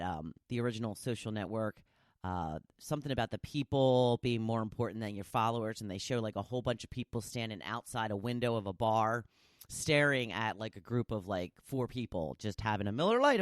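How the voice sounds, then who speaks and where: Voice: mid-range voice, no echo, studio quality. A podcast host talking casually on their own, rambling from one story to the next with lots of asides. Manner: chatty and rambling, with many asides. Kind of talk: casual solo podcast chat.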